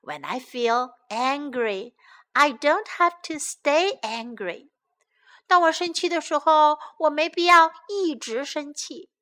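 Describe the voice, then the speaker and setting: A woman reading a children's story aloud in English and Chinese, then slowly repeating key phrases for young learners. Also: high voice. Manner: slow, clear, lively, repeats each phrase. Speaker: bilingual children's story teacher. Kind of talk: reading a picture book and drilling phrases.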